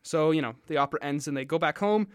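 A man's voice: on the high side, fast talker, clean tone, dry recording, clean studio sound. A man casually retelling a story, full of fillers, restarts and jokey asides.

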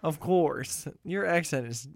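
A man's voice: a little high, slow pace, no echo, clean studio sound. Teasing male comedy host. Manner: teasing, sarcastic. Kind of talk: mock interview banter.

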